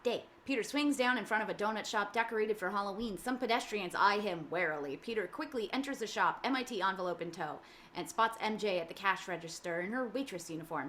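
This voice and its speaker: A woman narrating the action description in a fan table read of a film script, reading briskly and matter-of-factly. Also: medium pitch, lively intonation, fairly bright tone, slight background noise.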